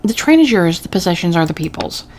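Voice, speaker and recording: A woman voicing a bored, flat-spoken male customs inspector in a game. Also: fairly low pitch, fast. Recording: steady background noise.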